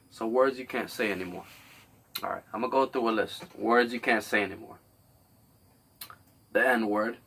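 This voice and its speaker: A man's voice: mid-range voice, vocal fry, fairly bright tone, far from the mic. A man hosting a podcast, delivering a rambling, blunt, profane comedic monologue. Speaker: podcast host.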